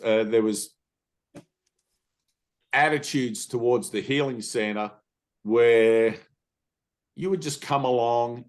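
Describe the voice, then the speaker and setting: A man leading a satsang, telling personal stories in a casual, animated way. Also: mid-range voice. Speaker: spiritual teacher. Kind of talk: satsang talk.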